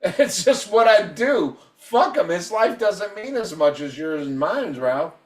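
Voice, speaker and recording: A man's voice: high voice, lively intonation, measured pace, distant mic, background noise. A man around fifty ranting on a casual podcast, combative and heavy on profanity. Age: 50s. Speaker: podcast co-host. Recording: echoey room, voice off-mic.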